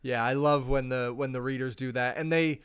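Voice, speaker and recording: Chatty podcast host with a smooth voice. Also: male voice, medium pitch, fairly even intonation, brisk, fairly bright tone. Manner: chatty, rambling with fillers. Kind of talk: casual chat.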